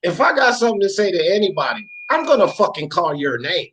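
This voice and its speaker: A man's voice: high voice, very animated, quick pace, a bit bright, a little hiss or hum, low-quality recording. Defiant, plain-spoken male panelist. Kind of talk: casual podcast chat.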